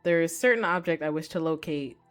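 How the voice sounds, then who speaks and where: Woman reading as a cool male shadow monster, formal and measured, lowish voice, faint music behind. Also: smooth, lightly acted. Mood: aloof.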